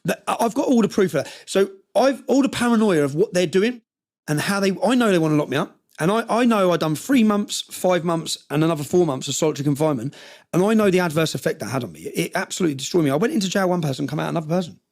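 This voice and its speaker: A man's voice: high voice, expressive, quick pace, a little mellow. A man telling a story intensely in an interview, often checking in with "yeah?" and acting out what others said. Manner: recounting with quoted dialogue. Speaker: interview guest.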